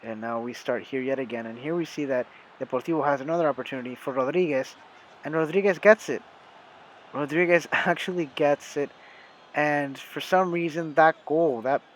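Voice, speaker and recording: A man's voice: on the high side, a little hiss or hum, poor audio. A young American man giving casual, chatty commentary over a football video game, talking to his viewers with lots of fillers and self-corrections. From United States. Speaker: gaming YouTuber.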